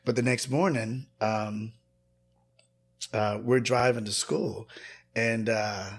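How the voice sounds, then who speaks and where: A man's voice: on the low side, fairly even intonation, slow pace, husky. Earnest Southern man telling his story. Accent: Southern American. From rural American South. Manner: earnest, acts out quoted voices when retelling. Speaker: author and guest. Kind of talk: personal storytelling in conversation.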